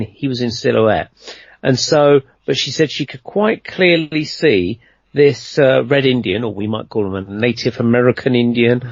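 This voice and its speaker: A man's voice: mid-range voice, dry recording, lo-fi sound. A man telling a long anecdote in a casual interview, rambling and conversational, with lots of fillers and restarts. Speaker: guest storyteller.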